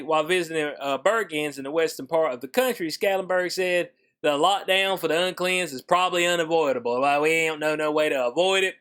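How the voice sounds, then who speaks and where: A man's voice: high-pitched, pushed and bright, smooth. A man giving casual, sarcastic news commentary, slangy and profane.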